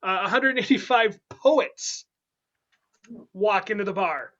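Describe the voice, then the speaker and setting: Host: high, bright-voiced man running an online improv game, playful, dull lo-fi call audio. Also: lively intonation. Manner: playful, quick, laughing asides.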